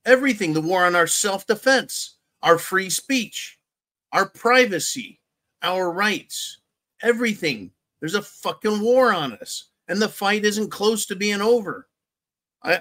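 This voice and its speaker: A man's voice: on the high side, a bit bright. Angry, cussing male commentary host. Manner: angry, heavily profane, repetitive; sarcastic asides. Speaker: channel host. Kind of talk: ranting political commentary.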